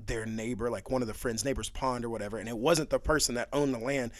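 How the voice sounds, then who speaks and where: A young man on a podcast, telling stories in a casual, animated way, laughing often and leaning on fillers. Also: mid-range voice, fast talker, dry recording. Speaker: podcast guest. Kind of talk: casual storytelling chat.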